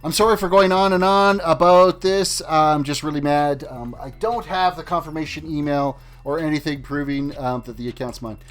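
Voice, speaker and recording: A man's voice: on the high side, fairly even intonation, normal speed, hardly any pauses. Chatty man streaming a game. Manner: rambling, chatty, talks to chat while playing. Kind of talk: casual live-stream chat. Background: faint music and keyboard typing.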